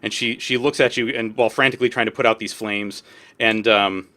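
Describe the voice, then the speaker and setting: A man narrating a tabletop game as game master, casual and halting with many fillers. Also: fairly low pitch, fairly even intonation, pushed and bright.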